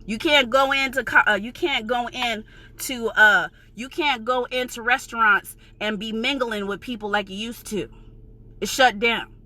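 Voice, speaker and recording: A woman's voice: on the high side, moderate pace, bright, forceful tone. A woman from New York with a New York accent, ranting in a vlog, heated, emphatic and profane, insisting she is passionate, not angry. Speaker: vlogger.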